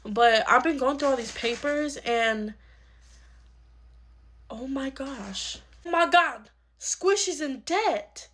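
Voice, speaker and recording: A woman's voice: on the high side, a little slow, hardly any pauses, fairly bright tone. A woman playing a nosy, scheming mother who gossips while snooping, in a home-video skit. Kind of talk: comedy skit role-play.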